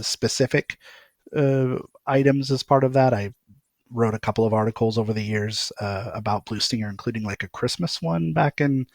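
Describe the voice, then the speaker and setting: A man's voice: fairly low pitch, darkish tone, no room sound. A man speaking as a podcast guest, rambling and hesitant with lots of fillers. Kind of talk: casual podcast chat.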